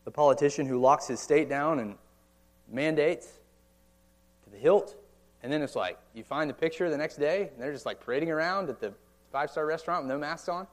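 Speaking fairly quickly in a voice on the high side, a pastor from the United States in his thirties delivers a sermon in a church or meeting hall. He keeps it conversational, with lots of rhetorical questions and offhand asides in his American accent.

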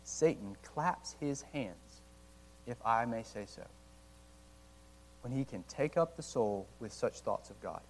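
A man giving a casual, conversational sermon to young adults, animated at times and slowing down to read old quotes aloud. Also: mid-range voice, a little hiss or hum, poor audio. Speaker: college ministry teacher. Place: church meeting room.

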